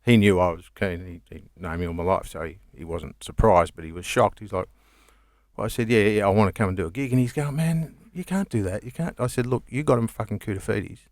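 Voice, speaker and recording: A man's voice: fairly low pitch, quick pace, no room sound, studio quality. A comedian man with an Australian accent, telling rambling stories in casual chat, laughing and swearing as he goes. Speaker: comedian guest.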